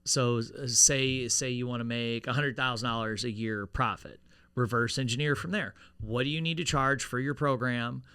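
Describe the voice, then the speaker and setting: A man who runs a martial arts school, talking in a casual podcast conversation and telling lively stories that act out quoted dialogue. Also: medium pitch, normal speed, clean tone.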